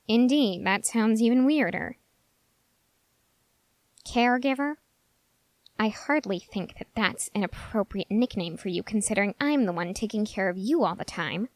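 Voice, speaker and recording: A woman's voice: medium pitch, no echo, natural voice. A woman voicing sardonic cat-man Armin Arlert, dry-sounding. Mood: teasing. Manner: dry, sarcastic, mildly scolding. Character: young male cat-hybrid, dry, sardonic, secretly caring. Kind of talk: whispered role-play.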